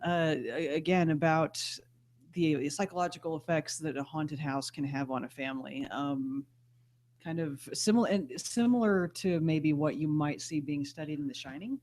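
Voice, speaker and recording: A woman's voice: low voice, moderate pace, a little mellow. A woman talks casually as a podcast co-host. She is chatty and laughs often, dropping playful asides as she goes. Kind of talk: casual chat.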